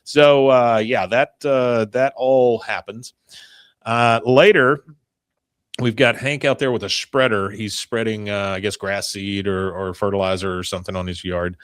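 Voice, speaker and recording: A somewhat low-voiced man hosts a podcast, talking through an episode recap in a loose, rambling way. He pauses often on fillers as he goes. The sound is close and dry. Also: fairly even intonation, smooth, no echo. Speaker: podcast host.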